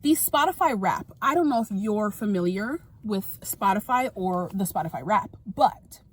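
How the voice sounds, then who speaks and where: A young woman vlogging in a casual, exasperated rant, tossing in quick asides as she talks to her viewers. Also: mid-range voice, animated, husky. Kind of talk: casual ranting monologue to camera.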